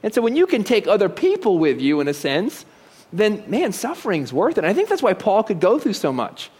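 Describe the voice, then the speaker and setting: A man's voice: high-pitched, wildly swooping pitch, brisk, darkish tone, husky. A man giving a conversational sermon, asking rhetorical questions and dropping joking asides. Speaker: preacher.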